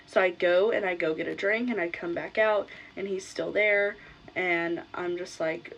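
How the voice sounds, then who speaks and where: A woman's voice: mid-range voice, normal speed, rough recording. A young adult woman vlogger telling a personal story in a casual, blunt way, swearing freely.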